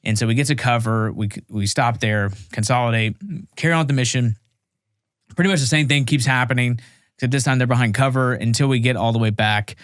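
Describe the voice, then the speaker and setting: A man's voice: mid-range voice, brisk, clear, resonant tone, no room sound, studio quality. A man in his thirties, a former Marine, telling a war story casually on a podcast, joking and acting out the people in it. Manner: animated, self-mocking, acts out dialogue. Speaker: podcast guest, Marine veteran.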